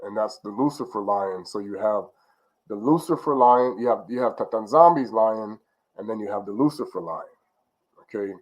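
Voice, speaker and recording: A man's voice: fairly low pitch, normal speed, low-quality recording. A man giving an informal spiritual teaching, rambling with many fillers and restarts and often checking in with "okay?".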